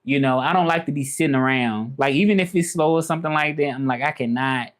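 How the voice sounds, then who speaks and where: A man chatting casually on a live stream, relaxed and rambling, often asking "you know what I'm saying". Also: fairly high pitch, fast.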